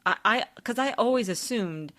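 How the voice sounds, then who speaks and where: A woman's voice: on the high side, expressive, moderate pace, pushed and bright, no room sound, clean studio sound. A woman co-hosting a podcast, chatting casually in an analytical, wry way. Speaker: podcast co-host. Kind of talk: casual chat about a TV episode.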